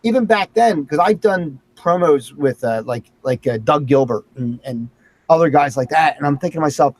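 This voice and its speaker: Male talk host, higher register, excited storyteller, dry close recording. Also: moderate pace, no echo. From Philadelphia area. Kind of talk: casual chat.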